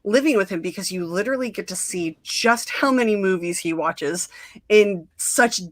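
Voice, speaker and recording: Bright chatty young woman host. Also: mid-range voice, normal speed, dry recording. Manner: chatty, many fillers and quoted asides. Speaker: podcast host. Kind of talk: casual chat.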